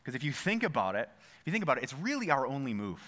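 A man's voice: mid-range voice, very animated, very fast, fairly bright tone. A man preaching a sermon in a church, earnest, often repeating phrases and speaking straight to his listeners. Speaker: pastor.

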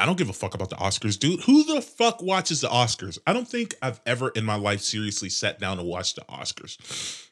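Young male podcast host, congested nose, sarcastic profane rambling, lively pitch. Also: a little fast. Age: 20s. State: congested nose, clearing throat. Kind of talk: casual solo podcast rant.

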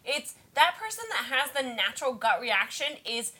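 A woman's voice: a little high, very animated, moderate pace, bright, forceful tone, husky. A woman co-hosting a podcast, chatting casually, filling her talk with "like" and acting out little quotes. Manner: chatty, lots of "like", acts out quotes.

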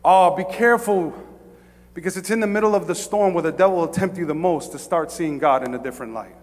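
Heard with a long reverb tail, this high-pitched male pastor moves between quiet, unhurried passages and loud, pleading shouts. He often repeats himself and stammers as he restarts lines.

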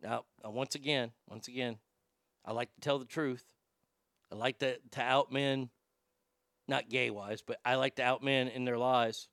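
A man around forty, a podcast host, telling blunt, profane stories in a casual and animated way. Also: mid-range voice, normal speed, clean tone, no room sound, clean studio sound. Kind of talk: casual storytelling chat.

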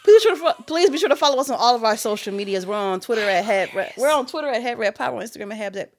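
A woman co-hosts a casual podcast. Her pitch is a little high and swings widely, and she laughs often as she reads out reviews and plugs. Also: rapid-fire, a little hiss or hum. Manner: animated, laughing, reads listener review aloud. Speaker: podcast co-host.

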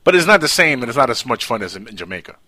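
A man hosting a radio show, chatty storyteller who drops his voice low for asides. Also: big pitch swings, racing, bright, forceful tone. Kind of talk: casual radio chat.

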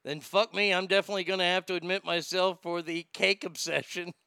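A man's voice: high-pitched, fairly even intonation, a little fast, vocal fry, pushed and bright, smooth, no room sound. A man hosting a podcast in casual, profane, rambling commentary, reading listener comments aloud. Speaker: podcast host.

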